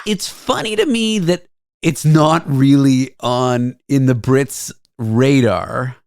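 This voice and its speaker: A man hosting a podcast in casual comedic chat, joking and animated as he tells stories. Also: medium pitch, slow, dry recording, studio quality. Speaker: podcast host.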